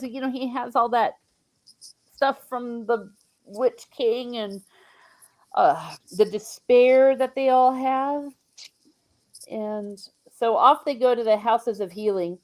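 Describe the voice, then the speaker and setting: A woman hosting a book discussion in casual chat, laughing often and throwing in quick asides. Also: fairly high pitch, a little mellow, dry recording.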